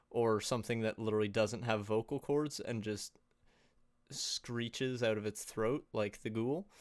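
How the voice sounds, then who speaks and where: A man's voice: mid-range voice, smooth, no room sound, clean studio sound. A man casually presenting tips on a livestream in a loose, chatty way, full of fillers and little laughs. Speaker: co-host presenting on sound design.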